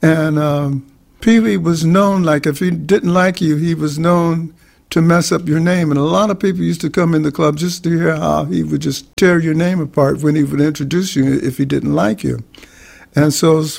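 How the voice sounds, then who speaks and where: An older man, a jazz musician, telling an anecdote in a relaxed way with fillers. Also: a little high, vocal fry. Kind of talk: interview anecdote.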